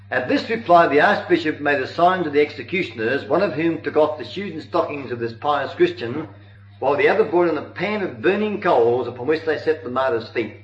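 A man's voice: on the high side, lively intonation, fairly quick. A man giving a sermon on church history, telling it earnestly with occasional hesitations, in a dull, roomy old recording. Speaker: preacher.

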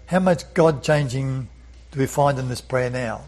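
A man's voice: medium pitch, unhurried, a little mellow, rough recording. A man leading a Bible study lesson, earnest, often repeating words and asking rhetorical questions.

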